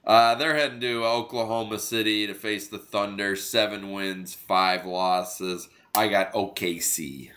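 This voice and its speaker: A male sports co-host with a cold speaks slowly in a fairly low voice. He has a laid-back, plain-spoken manner, and faint noise sits behind the recording. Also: fairly even intonation, a bit bright. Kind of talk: casual sports picks chat.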